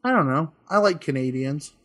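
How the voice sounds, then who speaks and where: A man's voice: on the high side, expressive, normal speed, fairly bright tone. A man in casual conversation who asks questions and chimes in easily. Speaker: podcast co-host asking questions. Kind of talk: casual chat.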